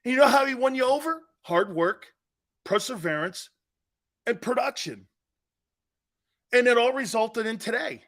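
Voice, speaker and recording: A man hosting a sports talk show, telling loud stories, acting out voices, swearing and laughing. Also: very high-pitched, animated, normal speed, pauses often. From East Coast of the USA. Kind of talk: animated sports radio monologue.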